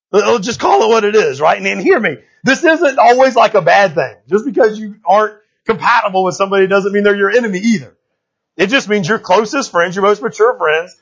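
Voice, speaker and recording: A man preaching a sermon in a conversational, animated way, often checking in with his listeners. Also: high voice, breathy edge, highs cut off. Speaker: pastor.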